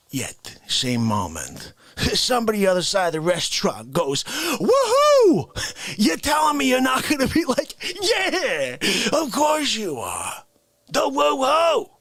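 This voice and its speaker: A man putting on an indignant Italian tough guy from the Bronx, ranting slowly and dropping from shouts to hushed whispers. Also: sits high, huge pitch swings, no room sound, exaggerated voice. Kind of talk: comedic character monologue.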